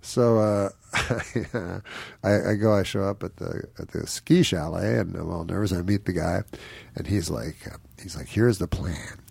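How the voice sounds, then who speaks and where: A man's voice: deep voice, unhurried, gravelly, darkish tone, breathy edge, no echo. A man, a comedian, telling rambling anecdotes, chuckling often and acting out the people he quotes. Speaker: comedian guest. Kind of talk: anecdotal storytelling.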